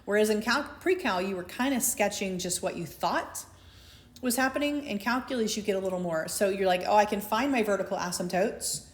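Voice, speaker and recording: Echoey woman teaching calculus. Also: lowish voice. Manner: conversational, asks for agreement with "right?"; lightly sarcastic asides. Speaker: math teacher. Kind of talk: recorded calculus lecture. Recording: echoey room.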